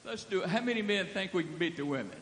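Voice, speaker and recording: A man's voice: high voice, expressive, quick pace, a bit bright, slight background noise. A man preaching as a guest speaker, folksy and joking, leading the crowd from a stage. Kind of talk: sermon. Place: church hall with a stage. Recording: echoey hall.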